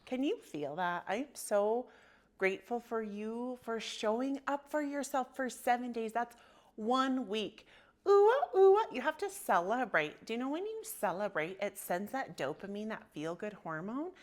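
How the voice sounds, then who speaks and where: A woman's voice: fairly high pitch, animated, moderate pace. A woman in her thirties leading a guided yoga class from her home, soothing and affectionate, with audible sighing breaths between cues. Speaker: yoga instructor.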